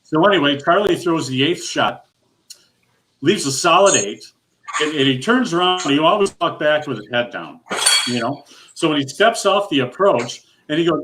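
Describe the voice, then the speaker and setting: Older male storyteller, somewhat high-pitched, loose and rambling with chuckles. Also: lively intonation, moderate pace, background noise. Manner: rambling, many restarts and asides, laughs at own story. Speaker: guest storyteller. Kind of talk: casual storytelling on a call.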